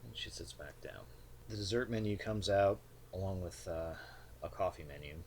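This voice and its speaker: A man narrates a tabletop game as game master, unhurried and full of fillers. His voice is low, with a faint hiss in the background. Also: darkish tone.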